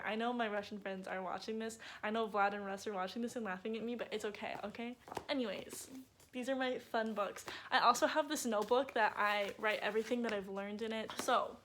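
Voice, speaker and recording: A woman's voice: a little high, a bit bright, a little hiss or hum. A young woman, a native English speaker, chatting casually to camera in a bubbly vlog with lots of filler words. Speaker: vlogger.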